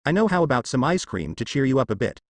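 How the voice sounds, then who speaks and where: A man voicing a kind young ninja hero in a read-aloud fan story, gentle and reassuring. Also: medium pitch, big pitch swings, fast, dry recording.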